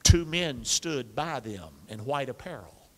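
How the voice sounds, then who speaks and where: Brief: male pastor, bright forceful voice, big swooping call-and-response delivery, long church hall reverb. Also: medium pitch, a little slow. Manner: energetic, coaxes the congregation to repeat lines; uses football pep-talk imagery. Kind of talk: animated call-and-response sermon. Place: church sanctuary with a congregation.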